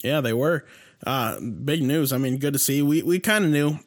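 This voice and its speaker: A man's voice: medium pitch, moderate pace. Congested laid-back male co-host. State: stuffed up, congested from allergies. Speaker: podcast co-host. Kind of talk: casual sports podcast chat.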